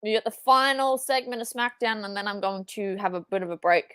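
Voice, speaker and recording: A young Australian woman streaming a live wrestling watchalong, excitable, swearing and shouting at big moves. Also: medium pitch, a little fast, clear, resonant tone, no room sound. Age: young adult.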